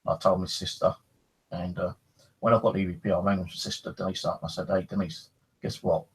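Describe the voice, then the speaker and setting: A man's voice: low voice, fast talker, husky, rough recording. A man casually telling a rambling first-person story about a ghostly experience, swearing now and then. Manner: rambling, animated, swears freely. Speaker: paranormal storyteller.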